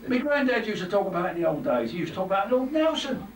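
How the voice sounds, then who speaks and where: An older man telling comic stories to a live party crowd in a chatty, teasing, animated way. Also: sits high, fast talker, a little hiss or hum. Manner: chatty, teasing, animated anecdotes with many asides. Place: party hall. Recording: echoey room, distant mic, loud crowd laughter.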